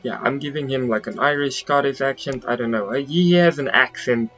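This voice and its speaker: A man talks through a game in casual let's play commentary, chatty and full of joking asides. His pitch is middling. The recording is a little dull, with faint music underneath. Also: brisk, few pauses, fairly bright tone. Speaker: gaming channel host.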